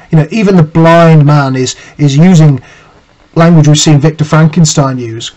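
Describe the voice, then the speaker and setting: A man's voice: mid-range voice, fairly even intonation, normal speed, darkish tone, dull audio. A male teacher giving a literature lesson, reading quotes aloud and analysing them, with frequent fillers and restarts. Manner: thoughtful, frequent "you know" fillers and restarts.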